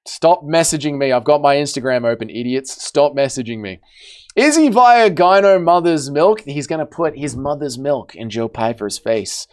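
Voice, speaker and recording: Reading the chat aloud on his livestream, this male host cracks blunt jokes laced with swearing and sometimes lets his words trail off quietly. His voice is on the high side and expressive, at normal speed.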